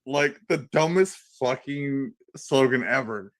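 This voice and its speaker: On a radio panel, a man in his thirties tells a crude, rambling story packed with swearing. His mid-range voice moves slowly and the recording has no echo. It's casual, profane banter from an animated storyteller.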